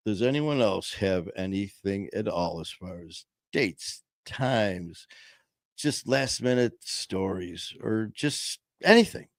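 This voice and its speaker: Low-voiced man telling a story on a livestream. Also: slow, vocal fry, dry recording, studio quality. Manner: animated, acts out quotes in a raised voice. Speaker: co-host of a livestream show. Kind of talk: casual storytelling chat.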